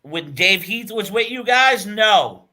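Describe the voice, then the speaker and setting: Male podcast host, high bright voice, unhurried laughing storyteller. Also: animated. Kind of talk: casual chat.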